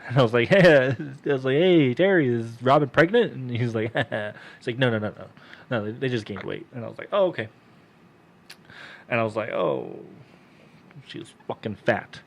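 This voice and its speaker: A man's voice: fairly low pitch, steady tone, a little fast, gravelly. A man on a casual podcast telling a long, profane personal story, often laughing and acting out what others said. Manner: profane, laughing, acts out voices in quotes.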